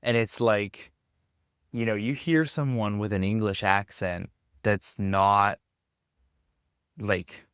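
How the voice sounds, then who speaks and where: Lower-voiced American man, rambling and easygoing. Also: fairly even intonation, slow, long pauses, fairly bright tone, clean tone, dry recording, clean studio sound. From Tennessee, USA. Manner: rambling and self-deprecating, often laughing. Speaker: podcast guest. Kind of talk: casual conversation. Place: backpacker hostel.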